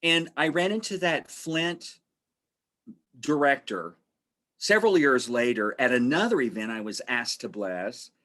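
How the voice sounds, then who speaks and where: A man's voice: mid-range voice, measured pace. A man giving a webinar presentation with a voice that rises and falls a lot. He tells stories in a chatty way, repeats phrases for emphasis, and slips into the voices of people he quotes. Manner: animated storytelling, acts out quoted voices. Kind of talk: conversational presentation.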